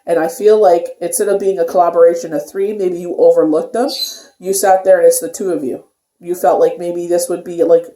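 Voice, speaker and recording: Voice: mid-range voice, warm tone. A tarot reader giving a casual daily reading, rambling loosely with lots of filler phrases. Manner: rambling, filler-heavy talk with many "you know"s. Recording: echoey room.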